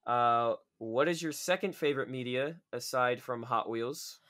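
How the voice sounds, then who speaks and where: A man hosting a casual podcast, talking in an animated, chatty way. His voice has a bright, forward edge at an everyday mid pitch. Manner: animated, chatty, quick to laugh. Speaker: podcast host.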